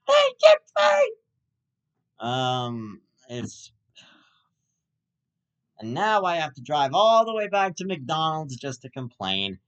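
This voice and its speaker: A man's voice: medium pitch, fairly bright tone. A young man hosting his own show, ranting in a rambling comedic monologue that is full of stammers and swearing. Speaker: host.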